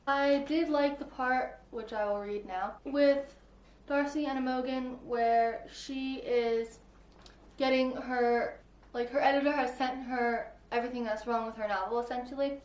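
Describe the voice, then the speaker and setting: A woman's voice: high voice, steady tone, a little slow, darkish tone. A woman reviewing a novel in a casual vlog, gushing and filling her sentences with "like" and "I really liked". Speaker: book reviewer. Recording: echoey room.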